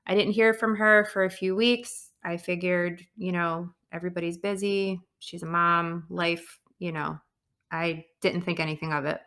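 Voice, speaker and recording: An earnest woman hosts her own podcast in a personal storytelling monologue. Her voice sits a little low but sounds bright and forceful. She pauses often with soft fillers as she reflects. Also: flat delivery. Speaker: podcast host.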